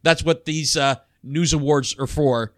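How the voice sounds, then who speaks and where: A man's voice: fairly high pitch, fairly even intonation, measured pace, fairly bright tone, dry recording, studio quality. A man chatting casually as co-host, laughing often and stumbling over his words. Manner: laughs often, many restarts and fillers. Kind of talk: casual chat.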